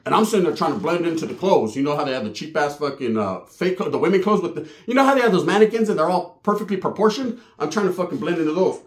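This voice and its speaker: A man telling a profane, animated street story on his channel, slipping into voices for the people he quotes. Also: a little high, fast, few pauses. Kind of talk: casual storytelling vlog. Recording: roomy echo.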